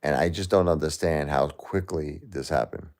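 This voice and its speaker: Deep, gravelly grieving man. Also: moderate pace. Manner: raw, repetitive, swings between anger and hushed disbelief. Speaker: livestream host. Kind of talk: emotional live-stream monologue.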